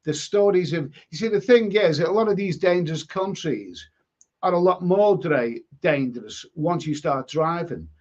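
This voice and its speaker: A man's voice: fairly high pitch, lively intonation, normal speed, darkish tone. Blunt, stammering English man live-streaming. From England. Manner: blunt, opinionated, repeats and restarts words. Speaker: live stream host reading chat. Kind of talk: casual live chat stream. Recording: dull lo-fi stream audio.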